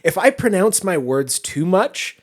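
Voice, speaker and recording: Man, light Utah drawl, casual podcast chat, slightly high pitch, animated. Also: measured pace. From California.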